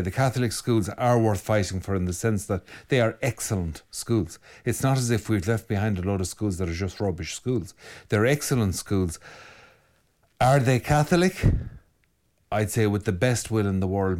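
A man's voice: on the low side, normal speed. A man who is a priest, with an Irish accent, bluntly answering listener comments, reading each one aloud before giving his frank reply. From Ireland. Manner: blunt, animated, reads comments aloud then answers them.

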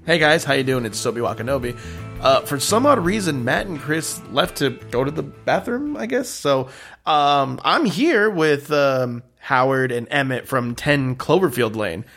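A man's voice: fairly high pitch, big pitch swings, normal speed, gravelly, a bit bright, soft background music. A man casually interviewing guests in a comedy sketch, hesitant with many fillers.

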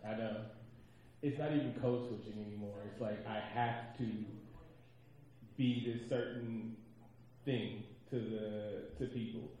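A man on a discussion panel, talking in a hesitant, halting but candid way. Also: lowish voice, fairly even intonation, mellow, heavy reverb, a little hiss or hum, rough recording. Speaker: panelist, educator and volleyball coach.

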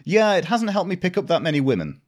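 A man's voice: high voice, sing-song, fast talker. A man co-hosting a casual podcast, discussing a film with dry, joking commentary. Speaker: podcast co-host.

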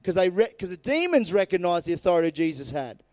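A man preaching a sermon, retelling scripture stories in lively, casual everyday words. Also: sits high, fast talker, no echo.

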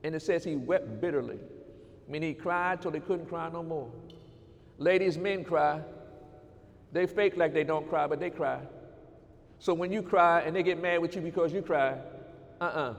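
Male preacher with a high voice and emphatic delivery, heard with a long hall reverb. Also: normal speed, vocal fry, pauses often. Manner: emphatic, addresses the congregation directly, swings between loud and soft. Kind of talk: sermon.

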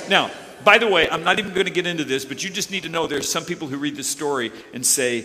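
A man preaching a lively sermon, joking with the crowd and calling on volunteers. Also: high-pitched, moderate pace, slight background noise. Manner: animated, joking, calls on volunteers. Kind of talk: lively sermon with audience participation. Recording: echoey hall.

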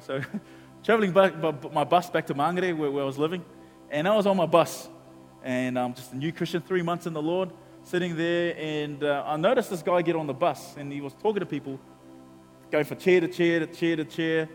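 In a sermon, a male pastor tells a personal story with animated delivery, acting out the dialogue. His voice sits a little high, and a long reverb tail follows his words.

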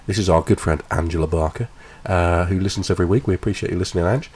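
Deep-voiced giggly English podcast host. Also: male voice, fast talker, darkish tone, slightly rough. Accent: Suffolk English. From England. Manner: giggly, rambling with many fillers. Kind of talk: casual comedy podcast chat.

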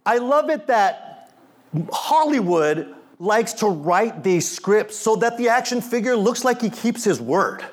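A middle-aged pastor preaches an animated sermon, acting out quotations and trading jokes with the congregation. His voice is high, and he speaks a little slowly.

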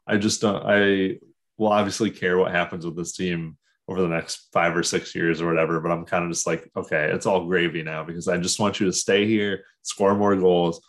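A man with a very deep voice co-hosts a laid-back sports podcast. He talks like an eager fan, with plenty of fillers as he goes. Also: a little fast. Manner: excitable fan talk, many fillers. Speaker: podcast co-host. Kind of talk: casual sports chat.

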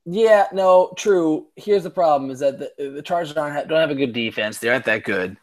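A tipsy man co-hosts a sports chat podcast in a slightly high voice, talking a little fast. He rambles and swears, stammering and restarting constantly.

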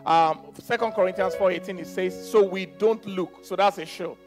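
A man preaching a sermon as pastor, repeating phrases, leading the congregation in declarations and swinging from soft teaching to loud exhortation. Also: sits high, normal speed, over music. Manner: repeats phrases and leads call-and-response declarations.

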